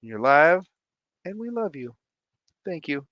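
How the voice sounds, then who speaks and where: A man in his thirties hosts a casual live stream, greeting viewers by name in a playful, sing-song way while sounding tired. His voice sits on the high side with big pitch swings and a slow delivery, in a dry recording with the highs cut off.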